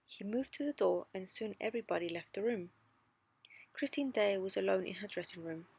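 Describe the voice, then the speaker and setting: A woman narrating a graded reader story in a calm, clear storytelling manner. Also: medium pitch, fairly quick, no echo.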